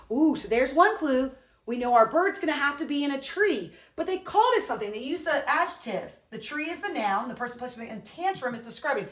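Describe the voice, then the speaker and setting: A woman teacher giving an online lesson to young children, reading a poem aloud with slow, expressive emphasis. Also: sits high, echoey room, far from the mic.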